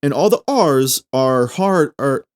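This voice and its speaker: A man's voice: mid-range voice, expressive, slow pace, clear, resonant tone. A young man hosting a solo podcast, chatting casually in a playful, rambling way that often trips over its own words. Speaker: podcast host.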